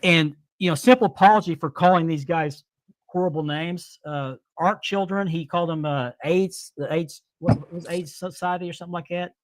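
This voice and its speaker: A man's voice: fairly high pitch, moderate pace, no echo. A man hosting a live-stream talk show who speaks indignantly and repeats his points for emphasis. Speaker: podcast host.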